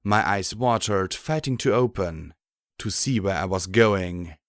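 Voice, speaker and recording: A man reading a fan fiction audiobook in a steady, measured way. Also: low voice, no echo, clean studio sound. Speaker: audiobook narrator.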